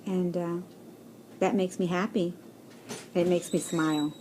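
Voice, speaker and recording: A woman with a fairly low, steady voice talks a little slowly to her viewers in a personal vlog, over slight background noise. She rambles in a chatty, encouraging way, addressing viewers directly with lots of fillers and soft laughs.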